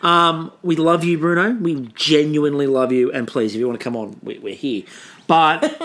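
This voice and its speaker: Animated Australian man, laughing podcast chatter. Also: a little high, moderate pace. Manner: joking, laughs often, animated. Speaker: podcast co-host. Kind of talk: casual chat.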